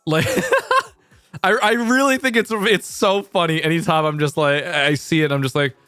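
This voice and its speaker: A man's voice: a little high, very animated, unhurried, sharp tone, clean tone, no echo. A young man talks loosely into a close mic on a late-night stream. He rambles and restarts his sentences, with casual swearing throughout. The sound is dry, with faint music underneath.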